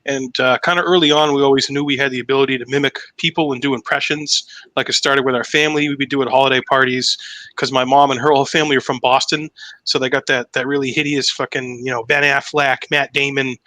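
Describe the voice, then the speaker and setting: A man's voice: medium pitch, steady tone, fast talker, sharp tone, dry recording, rough recording. A young man hosting a casual interview, telling stories energetically and swearing freely. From Massachusetts, US. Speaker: host.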